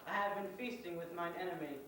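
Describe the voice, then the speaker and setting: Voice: mid-range voice, fast talker, bright, forceful tone, a little hiss or hum, natural voice. A student acting Romeo in a school stage play, speaking with urgent earnestness, heard far off in an echoey hall. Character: young lover Romeo, hasty and passionate.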